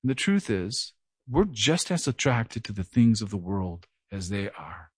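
In a dry recording, a middle-aged pastor speaks a little slowly in a fairly low, husky voice. His verse-by-verse Bible teaching is earnest and lively, and he says he has a stutter that makes him repeat words at times.

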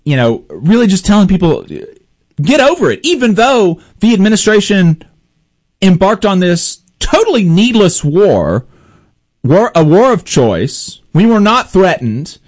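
A male host delivers casual political commentary in a fairly high voice that swings widely in pitch. He sounds exasperated and sarcastic, often restarting his sentences. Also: sing-song, unhurried, darkish tone.

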